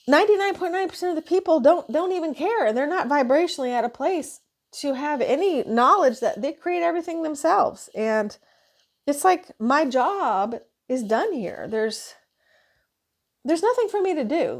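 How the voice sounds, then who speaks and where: A woman nurse venting in a casual monologue, frustrated and swearing as she retells her shift. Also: high voice. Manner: frustrated, profane, animated retelling.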